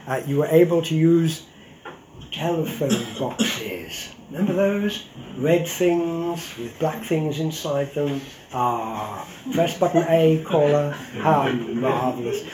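A man's voice: a little high, a little mellow, slight background noise. An older man, a historian, giving a public lecture in a wry, conversational way with frequent ums and asides. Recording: roomy hall echo.

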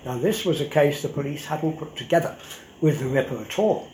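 An older man delivers a public history lecture in a wry, conversational tone, dropping ums and little asides as he goes. His voice sits a touch high for a man. It rings through a roomy hall with a faint hum of background ambience. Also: expressive, brisk, a little mellow. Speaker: historian giving a talk.

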